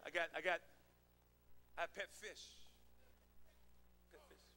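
A man pastor preaching a sermon, joking with the congregation and building to shouted calls. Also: on the high side, steady tone, slow pace. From United States. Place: church sanctuary with congregation.

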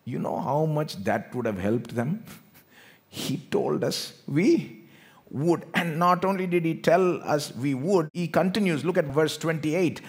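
A man from India preaches a lively sermon in church, his voice sitting a little higher than most men's. He acts out the words he quotes, jumping from loud, rising lines to low, quiet ones, and calls on the congregation to answer back. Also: measured pace. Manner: animated, acts out quoted speech with big swings in loudness and pitch.

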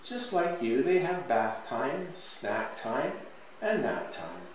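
A man reading a storybook aloud, voicing a gentle, patient mother elephant in a soft, soothing way. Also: mid-range voice, very animated, takes it slowly. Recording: echoey room from a distance, faint hiss.

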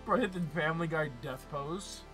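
A man's voice: fairly high pitch, normal speed, over music. A man streaming a game live, chatting casually, joking and reading messages aloud. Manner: joking, reads chat aloud. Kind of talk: casual live gameplay chat.

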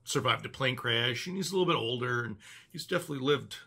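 A man's voice: mid-range voice, expressive, quick pace, sharp tone. A man hosting his own channel, chatting casually and rambling enthusiastically with many fillers. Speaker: channel host. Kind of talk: casual chat.

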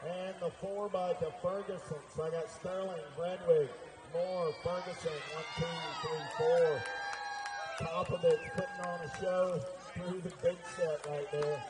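A man announcing a race live, rattling off riders' names and positions in a rapid-fire call. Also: a little high, little pitch movement, crowd noise. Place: outdoor race track over loudspeakers. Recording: echoey loudspeaker heard from far off.

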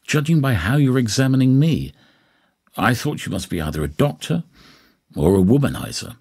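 A man's voice: medium pitch, big pitch swings, moderate pace, a little mellow, breathy edge, voice pushed up. A man voicing a charming, flirtatious woman of about forty, speaking in a coquettish, gracious manner in an audiobook. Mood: teasing.

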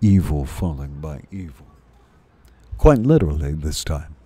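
A man reading a novel aloud as the host of a story stream, with unhurried, expressive narration. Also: a bass voice, slightly rough.

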